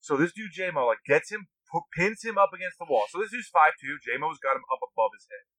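Bright-voiced man telling rowdy stories. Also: fairly high pitch, brisk, dry recording, low-quality recording. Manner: profane, animated storyteller. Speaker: podcast co-host, navy veteran. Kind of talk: casual storytelling chat.

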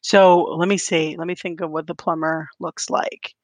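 A man's voice: on the high side, level tone, no echo. A man co-hosting a podcast, chatting casually and eagerly jumping into playful bits. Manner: eager, playful, quick to jump in. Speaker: podcast co-host. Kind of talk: casual chat.

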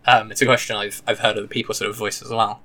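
Male podcast host, crisp bright voice, chatty and digressive. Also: lowish voice, little pitch movement. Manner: chatty, digressive, quick to enthuse. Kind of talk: casual podcast chat.

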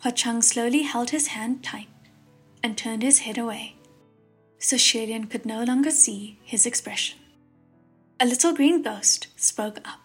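A woman narrating an audiobook chapter in a steady, expressive storytelling voice. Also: fairly high pitch, unhurried, slightly rough. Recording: narration over faint background music.

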